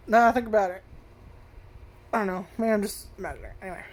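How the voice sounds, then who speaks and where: A woman's voice: mid-range voice, fairly even intonation, fast talker. A woman reviewing an anime casually, rambling, swearing a lot and laughing often. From United States.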